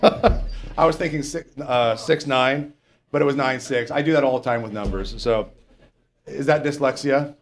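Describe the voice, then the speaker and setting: A man's voice: mid-range voice, normal speed. A man preaching a conversational sermon, rambling and joking as he reads the Bible, sometimes losing his place and stressing key points. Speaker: pastor.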